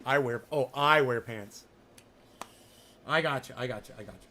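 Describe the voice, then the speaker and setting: A man's voice: medium pitch, normal speed, bright, forceful tone, slight background noise. A man hosting a livestream, talking in a rambling, profane, sarcastic rant. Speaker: livestream host. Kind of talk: casual ranting livestream chat.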